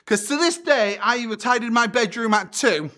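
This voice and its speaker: Man, thirties, stand-up comic, self-deprecating, sharp bright tone. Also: very high voice, animated, moderate pace. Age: 30s. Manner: self-deprecating, punchy joke delivery. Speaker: stand-up comedian. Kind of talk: stand-up comedy set.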